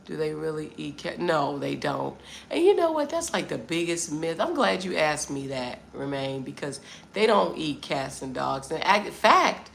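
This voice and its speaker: A woman's voice: low voice, a little slow, creaky, fairly bright tone, a little hiss or hum. A middle-aged American woman hosting a casual livestream from Vietnam, chatting and answering viewers' comments. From United States. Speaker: livestream host.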